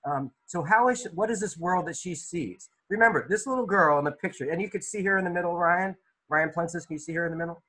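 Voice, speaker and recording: A man's voice: sits high, fast, pushed and bright, low-quality recording. A male art teacher leading an online class discussion, asking students questions by name, with loose, restart-filled phrasing. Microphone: video call.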